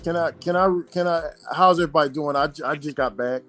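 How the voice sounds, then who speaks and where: A man's voice: a little high, quick pace, a bit bright, soft background music. A man chatting on a stream, stumbling and repeating words as he paraphrases a quote. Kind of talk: casual chat.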